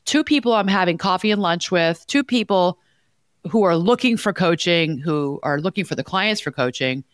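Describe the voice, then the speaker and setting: A woman's voice: on the low side, animated, moderate pace, dry recording, clean studio sound. A woman co-hosting an advice podcast as a life coach, talking in an emphatic, direct way and telling stories with animation.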